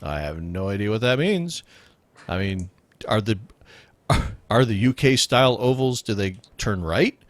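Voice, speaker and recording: A man's voice: fairly low pitch, expressive, measured pace, dry recording. A man hosting a casual radio show, joking and laughing often with rambling asides. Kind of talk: casual comedic podcast chat.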